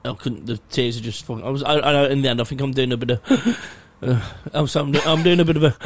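A man's voice: medium pitch, animated, a little fast. A young man, rambling through a sweary, self-mocking story in casual chat. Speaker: podcast co-host.

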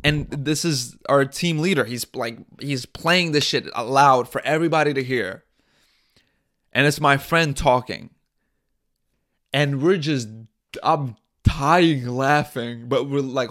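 A man's voice: mid-range voice, no room sound. Profane man telling stories, dry sound. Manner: profane, laughing often. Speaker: podcast host. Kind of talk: casual storytelling.

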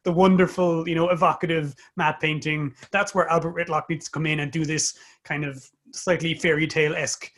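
A man's voice: fairly high pitch, flat delivery, brisk, few pauses, a bit bright. A man in casual chat about a film, easygoing and joking with his co-host. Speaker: podcast co-host.

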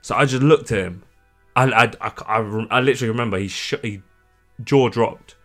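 A man's voice: medium pitch, fairly quick, soft background music. A young man co-hosting a podcast, telling a story in casual chat with lots of swearing. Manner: animated, swears a lot. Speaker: podcast co-host.

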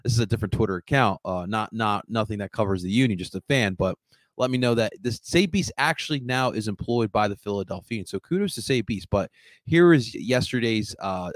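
A man's voice: fairly low pitch, no room sound. A man hosting a casual soccer fan show, talking in a rambling way with many restarts. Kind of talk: casual chat commentary.

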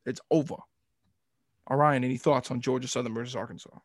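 A man's voice: medium pitch, a little fast, no echo, clean studio sound. A man co-hosting a sports podcast, talking in a loose, fired-up rant that keeps building. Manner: excitable, ranting, laughs easily. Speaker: podcast co-host. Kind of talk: casual sports podcast chat.

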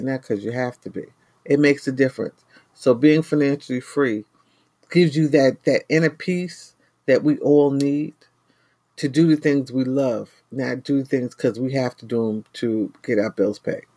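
Man host from New York, mid-pitched, earnest frugal-living pep talk, dry close sound. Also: darkish tone, no echo. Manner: earnest, repetitive, addresses listeners as family. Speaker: host of a money-saving show. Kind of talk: casual motivational talk to viewers.

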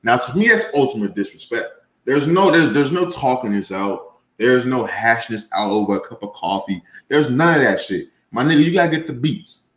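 A man's voice: lively intonation, normal speed, husky. A man hosting a podcast, ranting casually with heavy profanity and rising heat. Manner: profane, heated, gets louder and higher when ranting. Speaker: podcast host.

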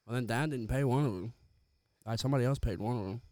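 Young man, podcast co-host, loose and profane, mid-low voice, dry close sound. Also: fast, darkish tone, no echo. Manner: loose, profane storytelling, laughs often. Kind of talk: casual storytelling chat.

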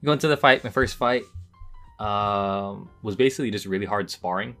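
A young man hosting a podcast, telling a personal story in a casual, chatty way, with lots of fillers and bursts of excitement as he relives moments. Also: fairly low pitch, moderate pace, soft background music. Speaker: podcast host.

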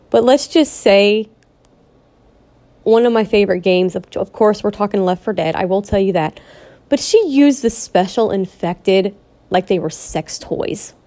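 A woman's voice: mid-range voice, dark tone. Upset, pleading woman vlogger. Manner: pleading, repetitive and upset, with halting restarts. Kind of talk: emotional personal vlog rant.

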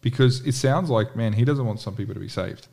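A man discussing scripture in a casual conversation, animated and emphatic, often posing rhetorical questions. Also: medium pitch, brisk, vocal fry. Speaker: bible study co-host.

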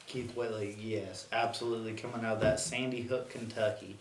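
A man's voice: lowish voice, steady tone, fairly quick. A man co-hosting a casual talk show, laid-back and slangy, calling people "bro". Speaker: podcast co-host. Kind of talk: casual chat. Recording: echoey room, mic at a distance, faint noise.

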